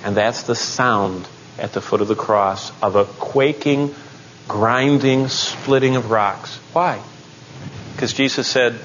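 A man teaching the Bible in a sermon style, telling the story dramatically and rising into excited outbursts. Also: medium pitch, takes it slowly, highs cut off, slight background noise.

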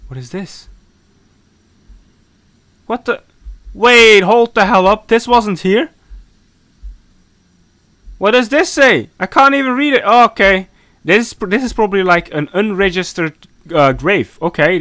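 A high, bright-voiced man narrating a horror game as he plays, his pitch leaping all over the place. He mutters to himself, scolds the characters in mock outrage, and yelps when startled. The sound is dry and close to the microphone. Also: dry recording. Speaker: gaming commentator. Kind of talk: let's play commentary.

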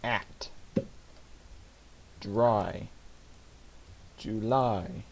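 Speaking extremely slowly in a fairly low, creaky voice, a man mutters through let's play commentary for his gaming channel, reading the game's words out as he types. Loud background noise fills the recording.

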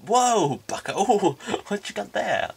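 Dude doing a sassy young girl for a game, blunt and chatty, kinda high. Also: sing-song, slow, creaky, slight background noise, exaggerated voice. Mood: snarky. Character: sassy young female student, blunt and snarky.

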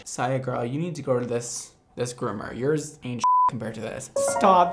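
A man's voice: high voice, expressive, measured pace, music in the background. A man talking casually in a reaction video, gushing with dramatic exclamations and lots of "like".

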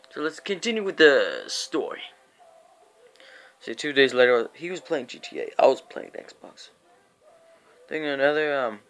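A man's voice: medium pitch, a bit bright. A young man telling a rambling, profane storytime vlog, acting out quotes and sometimes dropping into a whisper. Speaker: vlogger.

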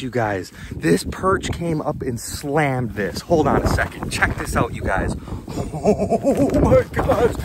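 A man vlogging while ice fishing outdoors on a frozen lake, talking excitedly to his viewers and exclaiming often. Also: a little high. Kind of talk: excited outdoor vlog narration. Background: wind and outdoor ambience.

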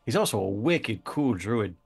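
A man's voice: fairly low pitch, very animated, moderate pace, gravelly, a little mellow, slightly rough, soft background music. A man narrating a tabletop game as game master, casual, with lots of fillers and laughter.

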